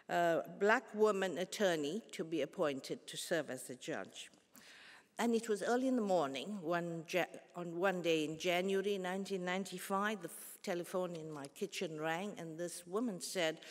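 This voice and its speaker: A woman, giving a formal public lecture in a measured, earnest way with pauses and restarts. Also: lowish voice, fairly bright tone. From South Africa. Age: 70s. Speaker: guest lecturer. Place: large concert hall. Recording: long hall reverb.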